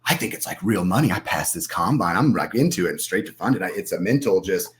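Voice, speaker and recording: A man's voice: low-pitched, expressive, fast talker. A man talking casually as a podcast guest, rambling and acting out his own inner voice.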